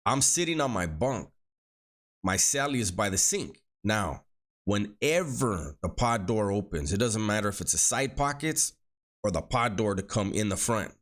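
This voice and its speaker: Ex-con storyteller, middle-aged man, deep voice, slangy and repetitive. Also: lively intonation, normal speed, fairly bright tone. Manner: street slang, repeats words, acts out quoted dialogue. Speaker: former prisoner telling his story. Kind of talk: casual spoken storytelling.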